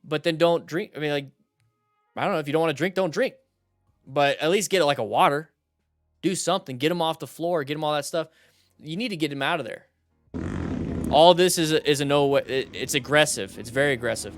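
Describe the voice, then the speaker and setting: A young man hosting a motorcycle channel, commenting on riding videos in a casual, animated way and giving blunt advice. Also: on the high side, fairly quick, long pauses, no room sound, faint music behind.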